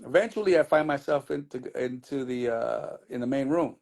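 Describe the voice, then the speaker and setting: A man's voice: medium pitch, moderate pace, creaky, darkish tone. A middle-aged man, a DJ being interviewed, telling his story in a loose, rambling way with many restarts. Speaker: DJ guest.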